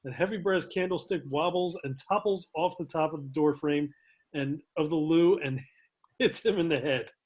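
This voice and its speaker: A man reads stage directions out loud at a relaxed table read, his voice fairly high with a darkish tone and a normal pace. Now and then he slips up or breaks into laughter mid-narration.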